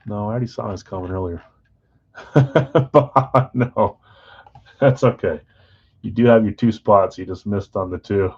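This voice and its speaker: A man with a fairly low voice hosts a live card break. He runs through names and teams in a relaxed, chatty way and talks straight to his viewers. The sound is a little dull and lo-fi, like plain stream audio. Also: a little fast. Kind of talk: casual live-stream chat, reading out team assignments.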